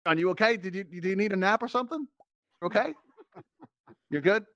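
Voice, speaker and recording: A male host runs a virtual reality game show at a brisk clip, ribbing his contestants in a playful, teasing way. His voice sits a little high and sounds close and dry through a headset mic. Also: fairly bright tone, no echo, lo-fi sound.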